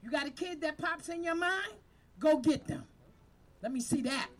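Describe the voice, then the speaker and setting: She's a community violence-prevention leader giving her team a fiery, preaching speech full of call-and-response. Her high-pitched voice moves at a moderate pace, picked up by a handheld microphone.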